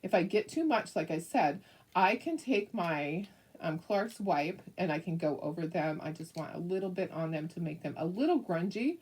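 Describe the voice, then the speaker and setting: A woman's voice: lowish voice, animated, normal speed, darkish tone, husky, distant mic. A middle-aged woman hosting a casual live craft tutorial, chatty and rambling, with lots of fillers and frequent laughs. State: hiccups.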